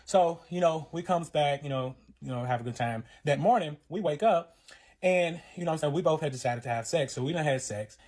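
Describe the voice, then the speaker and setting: Man, higher-pitched voice, casual storytelling, rambling, profane, fillers, acts out quotes. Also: a little fast, darkish tone. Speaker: storyteller recounting a relationship.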